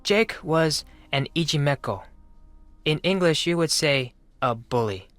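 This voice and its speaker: A man's voice: fairly high pitch, lively intonation, a little slow, fairly bright tone, no room sound, faint music behind. An actor playing a polite, earnest teenage boy exchange student with a Japanese accent, speaking in formal, careful phrases in a video game. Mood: solemn.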